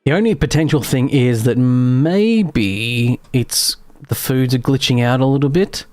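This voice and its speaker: A man talks his way through a live game session in a loose, muttering commentary, as if chatting to himself. His voice sits at an ordinary middle pitch. The sound is close and dry, with no room around it. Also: animated, a little slow, darkish tone, no echo. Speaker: gaming streamer. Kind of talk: casual live gameplay commentary.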